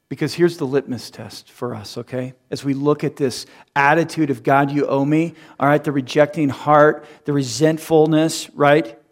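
A man in his thirties preaching a sermon, who acts out quoted voices and laughs at his own jokes. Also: medium pitch. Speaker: pastor.

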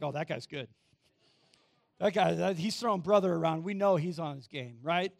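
A man preaching a sermon in a church, chatting with the congregation and asking them questions, getting louder for emphasis and going quiet and low to read scripture. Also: dry recording, studio quality. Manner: conversational, self-deprecating, asks the congregation questions. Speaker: pastor. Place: church sanctuary.

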